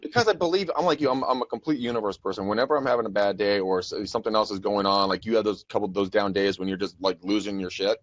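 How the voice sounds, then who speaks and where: A man hosting a podcast in casual chat, energetic and rambling. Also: lowish voice, fast talker, few pauses, dry recording, highs cut off. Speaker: podcast host.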